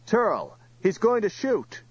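A man voicing a desperate young man shouting. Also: high voice, huge pitch swings, takes it slowly, breathy edge, dry recording, dull audio, pitched above the performer's own voice, exaggerated voice. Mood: urgent shouting. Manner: urgent, strained shouting.

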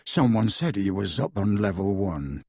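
A man's voice: lowish voice, very animated, normal speed, warm tone, no room sound, clean studio sound. A man voicing a nervous young man disguised as a big official, speaking in a hesitant, terse way. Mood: guarded.

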